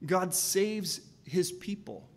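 A male pastor preaching with a high, light voice that rings through a reverberant hall. He is animated and slips into the voices of the people in his story as he tells it. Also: slow. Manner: animated, acts out voices of the Israelites and God. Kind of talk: sermon.

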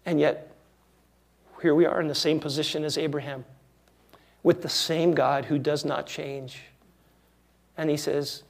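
A male pastor preaching a sermon in a wry, conversational way with emphatic pauses. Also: a little high, little pitch movement, vocal fry.

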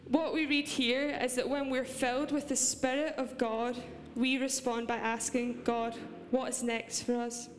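A young woman with a Scottish accent speaks earnestly from a church stage, her voice sitting a little high. The sound rings with the long reverb of a large hall. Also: level tone, measured pace, few pauses, slight background noise. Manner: earnest and heartfelt, with light laughs. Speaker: preacher. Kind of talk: church sermon.

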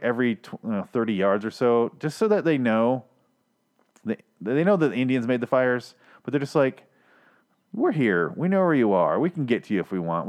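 A man at an ordinary middle pitch recapping a show in loose, rambling talk. He curses freely, rants at the writing and stumbles over his own notes. He often stops to make fun of himself. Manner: profane, ranting, rambling with restarts; self-deprecating asides. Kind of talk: casual episode recap.

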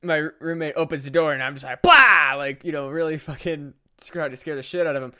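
Young male podcast co-host, slightly raised pitch, loose rambling storyteller, full of fillers. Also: fairly even intonation, fast, fairly bright tone. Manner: rambling, profane, many fillers. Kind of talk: casual storytelling.

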